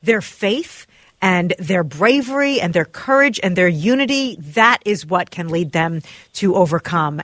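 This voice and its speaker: A woman's voice: lowish voice, a bit bright, no echo, studio quality. A woman co-hosting a talk radio show, speaking in an emotional, effusive way. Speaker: radio co-host.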